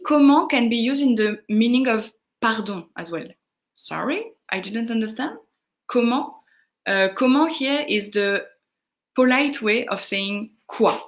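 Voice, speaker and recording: A woman with a French accent giving casual French lessons, answering viewer questions with frequent pauses and fillers. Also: mid-range voice, fairly bright tone. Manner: unhurried, answering viewer questions, greets chatters; hesitant, many fillers. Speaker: French tutor on a live stream.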